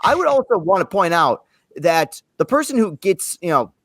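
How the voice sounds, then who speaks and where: A man's voice: sits high, sing-song, moderate pace, fairly bright tone, dry recording. Brief: opinionated male co-host, dry close recording, casual chat. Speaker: movie podcast co-host.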